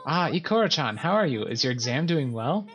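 A woman's voice: sits low, very animated, brisk, faint music behind. A woman voicing a cheerful female goddess teacher in a visual novel game, with a chirpy, breezy manner.

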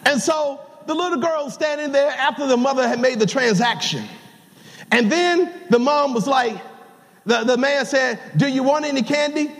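An older man preaching a sermon as pastor, folksy and storytelling, rising to shouts at the high points. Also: normal speed. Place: large church sanctuary. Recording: live church sound with long hall reverb.

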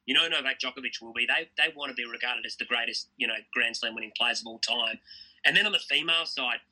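A man's voice: medium pitch, bright, forceful tone, breathy edge, poor audio. A middle-aged Australian man, a tennis commentator, chatting as a guest with enthusiastic, stop-start storytelling. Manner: enthusiastic, fast storytelling with repeated restarts. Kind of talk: casual interview chat.

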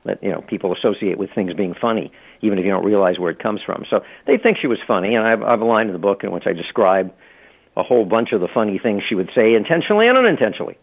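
A man's voice: on the low side, animated, fast talker, slightly rough. A middle-aged man, an author and law professor, chatting as an interview guest, rambling with many restarts and fillers. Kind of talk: casual interview talk. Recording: tinny phone-line audio.

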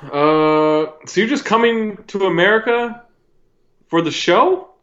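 A man's voice: high-pitched, takes it slowly, a bit bright. A man co-hosting a casual podcast, sarcastic and off-the-cuff. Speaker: podcast co-host and radio host. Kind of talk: casual chat. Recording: slightly dull lo-fi sound.

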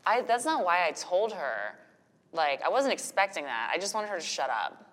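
A woman's voice: fairly low pitch, normal speed, long reverb tail. A woman guest telling stories frankly and with profanity in a casual interview. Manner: frank, profane, animated storytelling. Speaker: podcast guest, business owner and mother. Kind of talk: candid casual interview talk.

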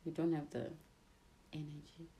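A woman's voice: low-pitched, level tone, moderate pace, mellow, a little hiss or hum. A young woman co-hosting a casual chat podcast, giggly and rambling, recorded on a phone. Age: young adult. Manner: giggly, rambling with many likes. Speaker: podcast co-host.

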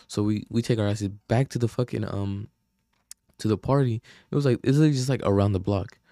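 A man's voice: lowish voice, steady tone, fairly quick, dark tone, dry recording, studio quality. A young man from Oakland, hosting a podcast and telling a rambling, profane story full of slang and fillers. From Oakland, California. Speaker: podcast host. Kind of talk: casual storytelling.

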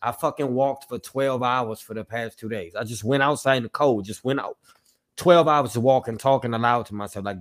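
A young man co-hosting a podcast, talking in an emotional, apologetic, profane way with lots of repetition. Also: fairly low pitch. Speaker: podcast co-host. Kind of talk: emotional personal monologue.

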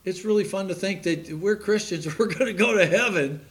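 A man's voice: high voice, brisk. A man preaching a sermon in a folksy, joking way, laughing at his own puns and stories.

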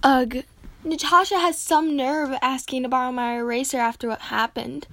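A woman reading her own story aloud, halting with frequent slips and restarts. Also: sits high, steady tone, fairly bright tone, dry recording. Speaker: reader.

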